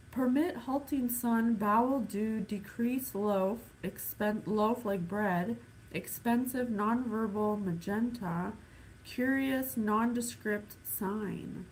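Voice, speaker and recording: Woman, psychic reader, slow halting speech, sighs, thinks aloud, slightly high voice. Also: a little hiss or hum, low-quality recording. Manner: musing, sighing, thinking aloud; slow, halting, counts things off one by one. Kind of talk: casual spirit reading to camera.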